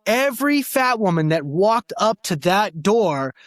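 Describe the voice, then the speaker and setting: A male stand-up comedian telling a story on a podcast, animated and profane, acting out the people in it. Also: high-pitched, measured pace, no echo, clean studio sound. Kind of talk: casual storytelling. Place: podcast studio.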